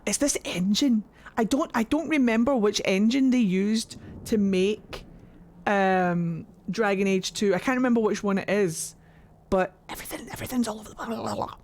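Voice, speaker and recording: A woman's voice: medium pitch, moderate pace, darkish tone. Chatty woman streaming a game. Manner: chatty, goofy, rambling. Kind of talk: casual gameplay commentary. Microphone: desk microphone.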